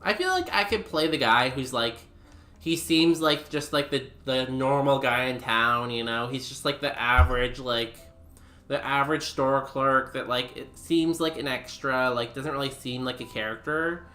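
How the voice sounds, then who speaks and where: A man's voice: mid-range voice, moderate pace, bright, forceful tone, reverberant. A young man streaming a game and chatting casually with his viewers, rambling with lots of fillers. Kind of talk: casual live-stream commentary.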